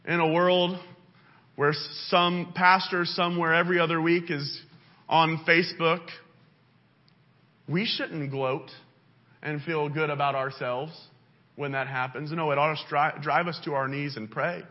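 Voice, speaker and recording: A male pastor delivering a sermon in a church, with an impassioned delivery that swings up and down in pitch. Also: level tone, unhurried. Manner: impassioned, pitch rising and falling widely. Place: church sanctuary. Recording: dull lo-fi sound.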